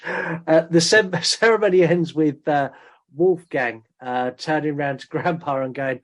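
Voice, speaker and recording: A man's voice: on the high side, measured pace. A man hosting a podcast, recapping a film plot in casual chat and laughing often. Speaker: podcast host.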